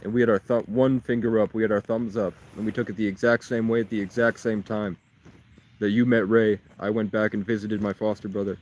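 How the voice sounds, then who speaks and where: A man's voice: lowish voice, flat delivery, brisk, a little mellow, highs cut off. A man from Vermont, rambling on a live stream and jumping between wild claims. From Vermont, USA. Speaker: livestreamer.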